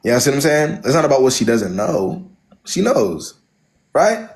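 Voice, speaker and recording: A man's voice: medium pitch, sing-song, normal speed. A man hosting a live stream, giving blunt relationship advice and driving his points home with "right?".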